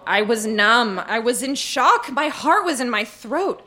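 Bright-voiced woman reading a diary on stage. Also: on the high side, animated, a little slow. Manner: dramatic, gushing delivery with comic timing. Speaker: live show reader. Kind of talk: reading teenage diary aloud to a live audience. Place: stage before a laughing audience.

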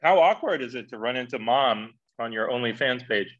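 A male podcast co-host teasing his partner in dry, casual banter. His voice is bright and forward. The mic sounds somewhat dull and lo-fi. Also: medium pitch, lively intonation, fairly quick.

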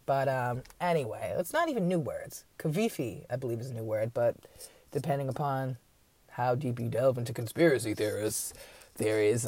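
A woman's voice: sits low, darkish tone, no echo. A woman hosting a podcast, talking through a late-night, profanity-filled rambling rant with wry asides and mocking impressions of others. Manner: acts out others in mocking voices. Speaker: podcast host.

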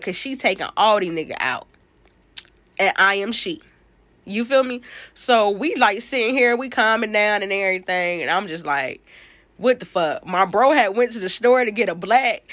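A woman's voice: fairly high pitch, a bit bright, dry recording. A young woman hosting her own podcast, telling stories in a blunt, profane, casual monologue. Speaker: podcast host.

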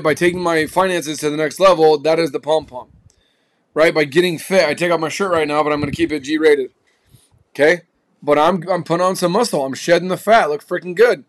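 Podcast host, male, higher-pitched, slangy and forceful, a motivational speaker. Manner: emphatic, slangy, punchy. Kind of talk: motivational talk.

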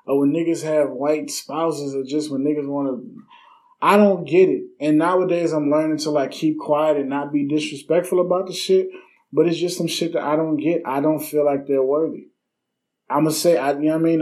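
Blunt young man, mellow solo podcast talk. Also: medium pitch, poor audio. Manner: casual, blunt, swears freely, many fillers. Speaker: podcast host.

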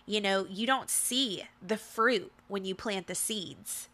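A woman's voice: medium pitch, takes it slowly, pushed and bright. A woman hosting a faith-based motivational talk, speaking in an emphatic, repetitive, preacherly way. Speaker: podcast host.

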